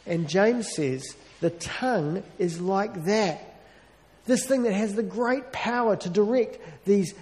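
A man's voice: sits high, a little mellow, in a large hall. A man preaching a sermon in an earnest, conversational way, with wry self-deprecating asides.

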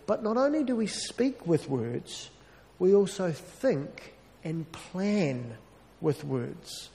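A man's voice: high-pitched, big pitch swings, takes it slowly, creaky, warm tone, in a large hall. A man preaching a sermon in an earnest, conversational way, with wry self-deprecating asides.

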